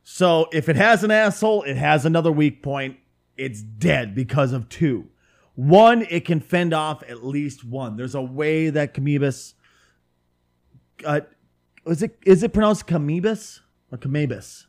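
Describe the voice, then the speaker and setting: Animated, foul-mouthed podcast co-host, a man with a fairly high voice, self-mocking. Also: a little slow. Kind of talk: casual chat.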